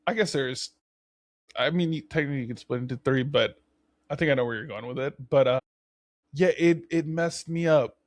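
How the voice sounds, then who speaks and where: A young man co-hosting a podcast in casual chat, animated and laughing as he acts out his own reactions. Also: medium pitch, moderate pace, no echo, clean studio sound. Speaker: podcast co-host.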